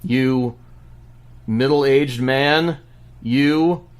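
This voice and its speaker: A man's voice: mid-range voice, very slow, clear, resonant tone, voice pushed up. A man voicing a young woman dominatrix who talks in a casual, breezy way.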